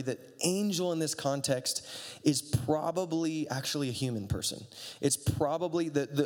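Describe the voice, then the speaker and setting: A man preaching a casual, conversational sermon with sarcastic asides, reading and explaining scripture. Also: mid-range voice. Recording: long reverb of a hall.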